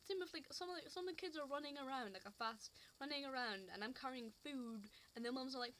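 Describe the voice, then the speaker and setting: A woman's voice: high-pitched, lively intonation, fairly quick, fairly bright tone, a little hiss or hum. A woman vlogger talking unscripted to camera, rambling and complaining in an exasperated way. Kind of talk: casual unscripted rant.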